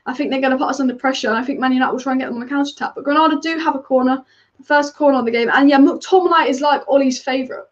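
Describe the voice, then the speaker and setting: A woman with a high voice, heard in lo-fi sound, hosts a live football watch-along on her fan channel. She reacts to the match and reads viewer comments in a chatty, opinionated, rapid-fire manner.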